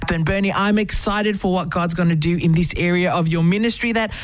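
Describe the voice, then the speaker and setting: A woman's voice: on the low side, steady tone, brisk. A woman hosting a radio show, asking encouraging questions and affirming her guest. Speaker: radio host. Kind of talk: casual radio interview.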